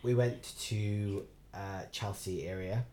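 A man, a podcast guest and actor, telling stories in casual chat and laughing often. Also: slow. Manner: animated, laughs often, jumps into high-pitched excited outbursts.

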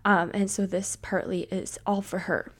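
A woman in her thirties hosting a personal podcast, talking candidly and tearfully, with fillers and halting pauses. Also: mid-range voice, little pitch movement. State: tearful, near crying. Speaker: podcast host. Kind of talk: personal solo podcast talk.

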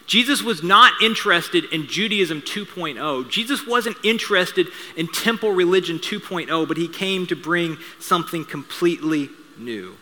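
Bright-voiced preaching man in a reverberant hall. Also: sits high, lively intonation, normal speed, hardly any pauses. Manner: conversational storytelling with asides and humor. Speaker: pastor. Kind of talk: sermon.

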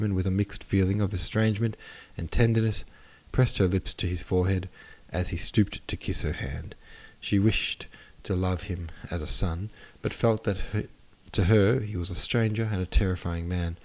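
Deep-voiced male audiobook narrator. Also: steady tone, moderate pace, hardly any pauses, darkish tone. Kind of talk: scripted narration of a classic novel.

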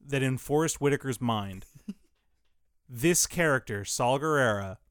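A man's voice: mid-range voice, expressive, a bit bright, dry recording, clean studio sound. A man hosting a casual podcast, joking and laughing as he chats about movies. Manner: laughing, joking, quick asides. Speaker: podcast host. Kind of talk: casual banter.

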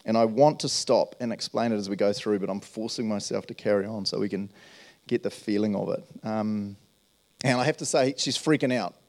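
Gravelly New man preaching. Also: fairly low pitch, fairly quick, a little mellow. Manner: earnest, storytelling, checks in with "right?". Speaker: pastor. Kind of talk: conversational sermon.

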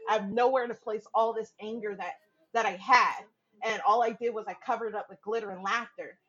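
A woman's voice: medium pitch, fairly quick, highs cut off. A woman, a podcast guest, telling a personal story in casual chat, swearing freely and acting out what others said. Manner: animated, acts out quoted voices, laughs often, swears freely.

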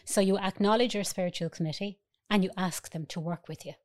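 A woman's voice: medium pitch, fairly even intonation, a little fast, darkish tone. A woman, a spiritual healer guest, explaining earnestly in casual chat and checking in with "right?".

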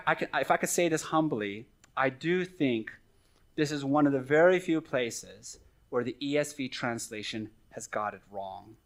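A middle-aged man preaching from the pulpit with a slightly raised pitch. He teaches earnestly but conversationally, with friendly asides to his listeners. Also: a bit bright. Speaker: pastor. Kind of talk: sermon.

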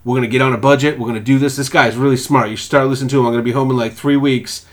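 Profane, animated young man chatting. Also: mid-range voice, very fast. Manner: profane, animated storytelling with put-on quotes. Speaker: podcast co-host. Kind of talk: casual chat.

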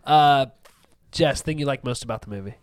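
A man's voice: medium pitch, normal speed. A man hosting a casual movie-review podcast, joking and crude, recorded close on a dry mic. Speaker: podcast host.

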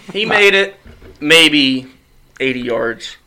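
A man's voice: on the high side, lively intonation, very slow, pushed and bright. A man hosting a podcast, telling a hunting story in casual chat, acting out quotes and laughing often. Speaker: podcast host. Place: studio.

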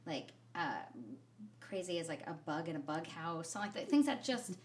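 Woman with a lowish voice joking around on a podcast, faint hiss behind her. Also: expressive, normal speed. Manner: playful, jokey asides. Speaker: podcast co-host. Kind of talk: casual chat.

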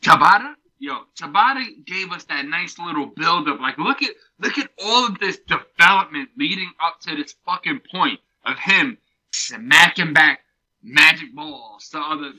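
Hyped-up male co-host, slangy and excitable, very bright voice that swings around a lot. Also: a little high, normal speed, poor audio. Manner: excitable, slangy hype talk. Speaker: podcast co-host. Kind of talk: casual comic book discussion.

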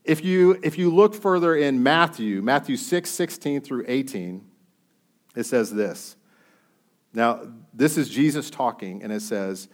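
A man's voice: mid-range voice, animated, a little slow. A man preaching a sermon. He reads scripture aloud and puts questions to his listeners in a conversational way.

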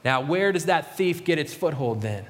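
A man's voice: fairly high pitch, animated, moderate pace, long reverb tail. A man preaching a sermon as a pastor, earnest and emphatic.

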